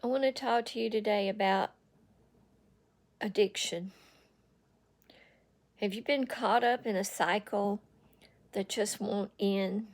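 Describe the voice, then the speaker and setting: A woman's voice: mid-range voice, fairly even intonation, slow, long pauses. A woman giving an earnest talk about breaking addiction, speaking directly to the listener and repeating phrases for emphasis. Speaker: online speaker on addiction recovery.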